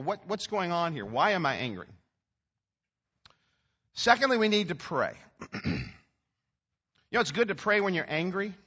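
A man pastor preaching a sermon in an animated, emphatic way. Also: high-pitched. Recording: dull recording with long hall reverb.

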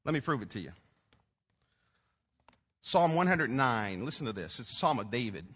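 A man pastor preaching a sermon in an animated, emphatic way. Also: mid-range voice, normal speed, husky. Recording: dull recording with long hall reverb.

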